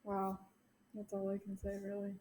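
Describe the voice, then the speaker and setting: A woman co-hosting a casual podcast from a small home room. She answers in a relaxed way with short replies and is quick to laugh. Her voice sits at a middling pitch. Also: slight background noise. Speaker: podcast co-host.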